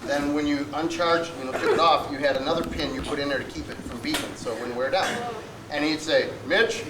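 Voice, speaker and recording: Man, animated storyteller, laughing, echoey hall, loud crowd behind. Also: a little high, fast. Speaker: storyteller at a birthday gathering. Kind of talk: casual anecdote telling.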